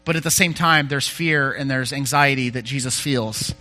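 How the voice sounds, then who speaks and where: A man's voice: medium pitch, normal speed, bright, forceful tone. A male pastor giving a conversational sermon, candid and self-deprecating, often restarting his sentences.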